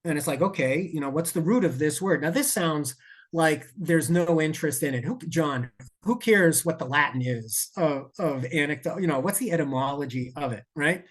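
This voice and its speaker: A man speaking as a podcast guest, telling a story in a lively, digressive way with asides and self-corrections. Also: fairly high pitch, normal speed. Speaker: podcast guest, safety expert. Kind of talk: conversational storytelling.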